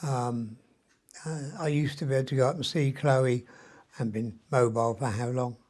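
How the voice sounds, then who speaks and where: A man's voice: medium pitch, steady tone, normal speed, a little mellow. Tired, rambling older man in his 70s. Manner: chatty, meandering, mild swearing, frequent ums. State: weak and short of breath from illness. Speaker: vlogger. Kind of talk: rambling personal video diary.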